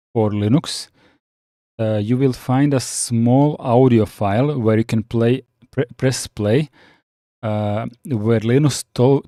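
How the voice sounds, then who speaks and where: A man chatting casually on a live stream, reading out viewer comments and answering with frequent pauses and restarts. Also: mid-range voice, warm tone, dry recording, studio quality. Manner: halting, many fillers and restarts, reads chat aloud.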